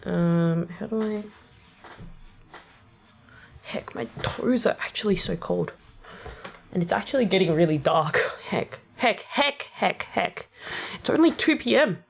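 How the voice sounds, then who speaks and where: A woman's voice: mid-range voice, expressive, slow, creaky, long pauses. A young woman with a general Australian accent, chatting casually and rambling with many fillers as she explains her rap lyrics on a stream. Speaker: VTuber streamer. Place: at home on a rainy day.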